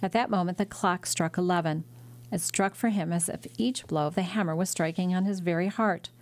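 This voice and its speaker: A woman reading a classic novel aloud as an audiobook narrator, in a measured, dramatic way. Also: fairly low pitch, fairly even intonation, a little mellow, no echo. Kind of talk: scripted narration.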